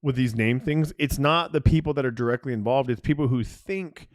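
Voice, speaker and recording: A man's voice: mid-range voice, a little fast, no room sound. Opinionated man, dry close sound. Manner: conversational, opinionated, trails off softly. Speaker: podcast co-host. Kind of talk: casual sports talk.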